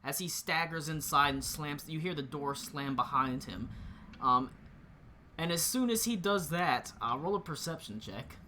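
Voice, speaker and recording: Very bright-voiced game master. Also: male voice, fairly high pitch, animated, a little hiss or hum. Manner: halting, full of fillers and restarts. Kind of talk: narrating a tabletop game.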